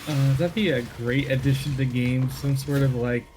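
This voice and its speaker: A man's voice: mid-range voice, steady tone, moderate pace, noisy background. A man on a game stream, chatting and then giving the practised, friendly closing thanks. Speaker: stream host. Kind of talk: casual chat and stream sign-off.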